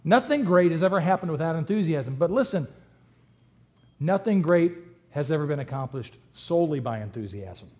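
Guy preaching a sermon, kinda high voice, jokey and chatty, gets loud then drops real low. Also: moderate pace. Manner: humorous, conversational, lively swings in loudness. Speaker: pastor.

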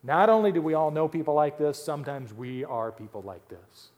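A folksy male pastor with a slightly high voice, preaching in a church where the sound rings out with long reverb. He is animated, mimics grumbling crowds and slips in wry jokes. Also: brisk. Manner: folksy, animated, acts out whining crowds with joking asides. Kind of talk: sermon.

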